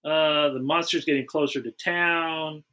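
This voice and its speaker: Male podcast host, enthusiastic fan, bright slightly high voice, casual rambling delivery. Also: fairly even intonation, measured pace. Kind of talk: casual film chat.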